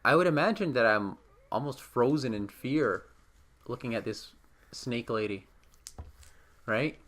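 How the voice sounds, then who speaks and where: A man's voice: medium pitch, expressive, a little slow, a bit bright. A man playing a tabletop role-playing game, joking casually and swearing freely. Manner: joking, profane, laid-back. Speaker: player.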